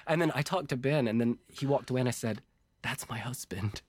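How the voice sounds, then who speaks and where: An American man in his forties, a guest telling lively stories in casual chat and laughing often. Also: medium pitch, brisk, slightly rough, dry recording. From United States. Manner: animated storyteller, laughing often.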